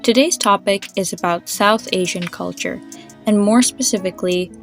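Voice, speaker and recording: A woman hosting a podcast, patiently explaining pronunciation, spelling words out letter by letter and slowing down to demonstrate each sound. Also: mid-range voice, soft background music. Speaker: podcast host.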